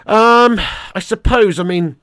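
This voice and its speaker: A man hosting a live football watch-along, excitable and sweary, reading out fan messages and calling listeners lad and mate. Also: sits high, slow, dry recording, studio quality.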